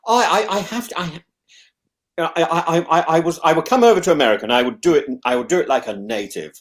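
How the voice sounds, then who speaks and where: Rambling English man, lively pitch. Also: fast talker. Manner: rambling, with many restarts and stammered repeats; musing and discursive. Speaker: host. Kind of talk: casual chat.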